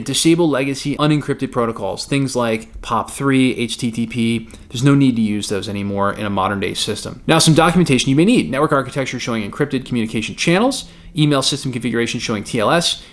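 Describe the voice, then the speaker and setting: A man talking through compliance requirements in a casual, joking explainer style. His voice sits in an ordinary middle pitch. He mixes plain instruction with wisecracks and quick asides to the viewer. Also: fairly bright tone. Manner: joking, conversational. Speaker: compliance consultant. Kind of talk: explainer video.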